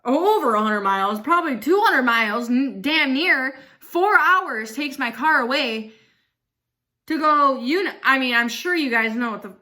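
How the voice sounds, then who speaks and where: A woman's voice: sits high, lively intonation, a little slow, pushed and bright. A young woman telling a personal story to her vlog audience, blunt and outspoken, swearing freely and saying "like" constantly. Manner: fills speech with "like", swears freely. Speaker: vlogger. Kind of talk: casual storytime.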